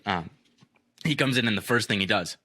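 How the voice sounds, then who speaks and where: Young male podcast host, deep bright voice, rambling profane storyteller. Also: animated, brisk, no room sound. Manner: profane, rambling with many fillers. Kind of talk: casual storytelling chat.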